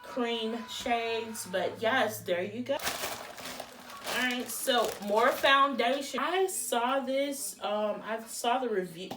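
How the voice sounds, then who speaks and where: A beauty vlogger with a fairly high voice unboxes beauty products, chatting casually and exclaiming as she reacts. She speaks slowly from a distant mic, with a noisy background, roomy echo and faint music.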